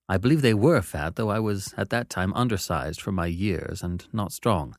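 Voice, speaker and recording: A man giving expressive, dramatic first-person narration of a classic novel. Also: sits low, normal speed, few pauses, dry recording, clean studio sound.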